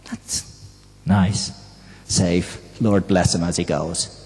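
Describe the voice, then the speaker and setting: A man's voice: lowish voice, huge pitch swings, slow, darkish tone. A man preaching a sermon in a conversational way, often asking the congregation questions. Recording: long reverb in a church hall.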